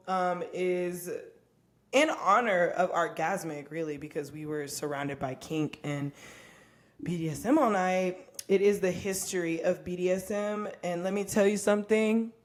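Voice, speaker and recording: A young woman co-hosting a casual podcast, talking candidly and with profanity, often laughing. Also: fairly low pitch. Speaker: podcast co-host.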